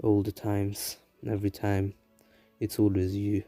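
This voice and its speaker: A man's voice: fairly low pitch, lively intonation, measured pace, a little mellow, husky, soft background music. A man voicing a teenage ninja boy who speaks in blunt street slang, swinging between dazed and fed up. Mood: tender.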